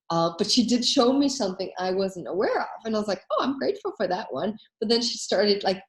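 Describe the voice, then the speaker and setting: A woman hosting a coaching workshop, telling anecdotes in a casual, animated way and acting out the voices she quotes. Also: medium pitch, fast, few pauses, reverberant.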